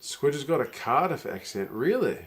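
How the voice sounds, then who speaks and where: A man's voice: medium pitch, moderate pace. Laid-back man reacting to live chat. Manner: reads viewer comments aloud and reacts, chuckling often; relaxed and conversational, with bursts of excitement at plays. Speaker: live streamer watching a rugby match. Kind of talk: casual live-stream chat and match commentary.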